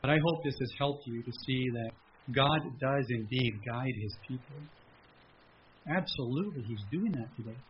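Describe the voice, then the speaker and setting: A man preaching a sermon as pastor at a church service, animated, with a raised pleading voice when he acts out prayers. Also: mid-range voice, normal speed, highs cut off, slight background noise.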